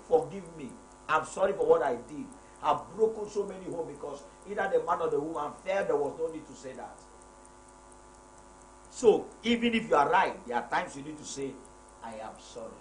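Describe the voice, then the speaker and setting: A man's voice: on the high side, fairly bright tone. A middle-aged man hosting a live marriage program as a pastor, reading viewer comments and repeating his points emphatically. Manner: emphatic, repeats key phrases, preacherly. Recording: echoey room with faint noise.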